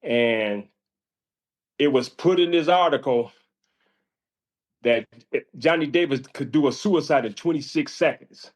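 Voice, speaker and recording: An older man, a former college basketball player, telling stories on a call with lively jumps in pitch and frequent laughs. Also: a little slow, pauses often. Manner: lively, jumps high when quoting himself, laughs often. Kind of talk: casual storytelling on a call. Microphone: remote call.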